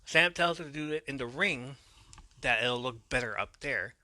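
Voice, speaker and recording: A man's voice: medium pitch, moderate pace, sharp tone, no room sound. A man hosting a podcast, casually recapping an episode in a loose manner, swearing now and then and correcting his own slips. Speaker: podcast host.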